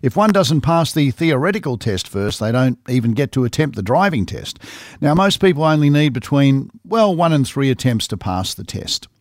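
A man's voice: medium pitch, big pitch swings, moderate pace, no echo, studio quality. A man hosting radio, telling a news story in a chatty, wry way. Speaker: radio host. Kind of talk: casual radio chat.

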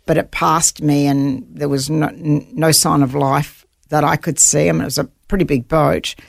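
Woman, heavy vocal fry, earnest vivid storyteller, interview guest, dry studio sound. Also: sits low, fairly even intonation, normal speed, no echo. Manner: vivid, earnest storytelling with quoted inner thoughts. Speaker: guest, author recounting survival at sea.

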